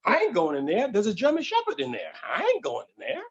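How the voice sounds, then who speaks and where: A man voicing a stubborn, frightened middle-aged hotel maid who refuses flatly in a high, sassy voice. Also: quick pace, gravelly, breathy edge, dull audio, exaggerated voice. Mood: refusing.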